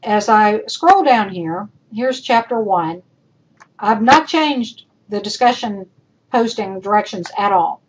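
A woman's voice: mid-range voice, expressive, takes it slowly, husky, rough recording. A woman instructor recording spoken feedback for her students, emphatic and repetitive, calling them folks as she works through points. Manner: emphatic, repeats points, addresses class as folks. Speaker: college instructor.

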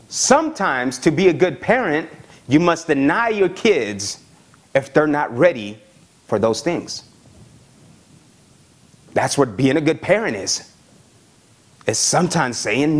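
A man preaching a sermon as pastor, reading scripture and often asking the congregation "amen?" and "right?". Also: a little high. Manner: animated preaching, frequent "amen?" and "right?" checks.

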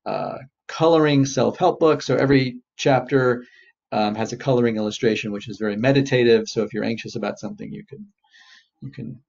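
A therapist leading a webinar coaches his listeners through an exercise with steady encouragement, his medium-pitched voice carrying a gravelly rasp. The audio is dull and lo-fi, like a video call.

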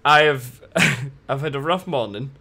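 A man's voice: mid-range voice, unhurried, gravelly, sharp tone. A young man chatting casually on a live game stream, laughing often and swearing freely.

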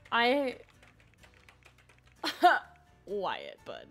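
A young woman streaming a life-sim game, reacting excitably, yelling at characters and muttering asides to herself. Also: high voice, unhurried, vocal fry, pauses often, soft background music. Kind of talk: live gameplay commentary.

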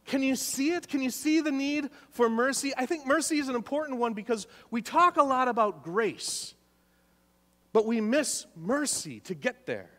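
A man's voice: extremely high pitch, lively intonation, normal speed, a bit bright. A man preaching a sermon as pastor in a church, emphatic, repeating key phrases and putting questions to the congregation. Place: church sanctuary. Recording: long church reverb.

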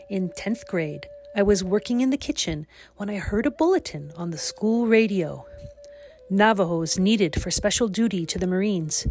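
A woman reading the part of a kind, wise elderly grandfather in a storybook, speaking gently and steadily as he tells of his past. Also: mid-range voice, lightly acted.

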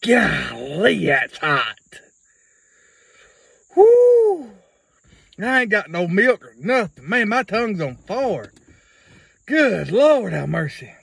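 A man's voice: high voice, very animated, measured pace, gravelly, a bit bright, breathy edge, no echo, poor audio. A man, rambling through a casual video blog in a folksy way and repeating himself. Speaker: vlogger.

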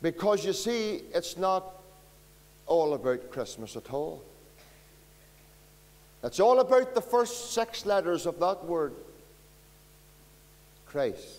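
A man's voice: high voice, very animated, slow, pauses often, a little mellow, big-room sound. A Northern Irish man preaching a folksy storytelling sermon at a carol service, chatting to the children in the congregation. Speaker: pastor. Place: church.

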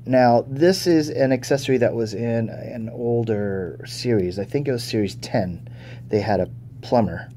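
Male toy reviewer, unhurried and soft-toned, casual and chatty. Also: mid-range voice, a little hiss or hum. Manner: chatty, thinking aloud, easily impressed. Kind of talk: casual unboxing commentary.

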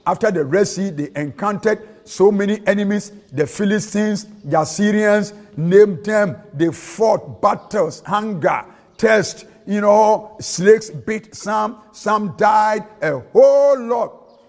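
A man's voice: high-pitched, slow. A man with a Ghanaian accent preaching a sermon in a church, slipping into a sing-song cadence and local-language phrases. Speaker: prophet and preacher. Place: large church hall. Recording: long hall reverb.

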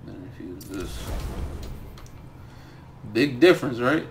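A man's voice: medium pitch, very animated, takes it slowly, heavy background noise. A young man streaming a game, ranting and swearing about the loot he gets. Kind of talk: live gaming commentary.

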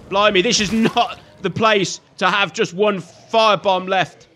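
Bright-voiced chatty gamer man. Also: high-pitched, fairly even intonation, moderate pace, hardly any pauses, a little hiss or hum. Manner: chatty, jokey, scolds enemies on screen. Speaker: gaming video host. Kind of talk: let's play commentary.

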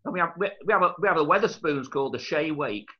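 A man chatting on a video call, talking in a quick, eager way with stumbling restarts. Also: on the high side, expressive, muffled recording. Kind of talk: casual chat on a video call.

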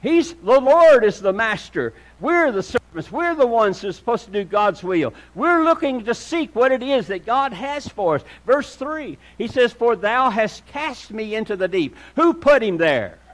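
High-voiced preacher guy, earnest sermon, gets loud then drops real low, keeps saying dear friend. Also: sing-song, normal speed, few pauses. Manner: earnest preaching, swings between loud and hushed; addresses listeners as "dear friend". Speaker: pastor.

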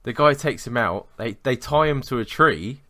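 A podcast co-host with a mid-range, animated voice speaks at a moderate pace with a sharp tone, and there's no echo. In casual chat he rambles through a work story, swearing and laughing at his own stories.

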